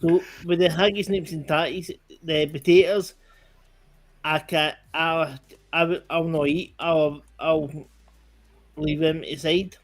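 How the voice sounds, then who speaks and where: A man from Scotland with a Scottish accent, bantering excitably in a casual live-stream chat. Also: a little high, slow.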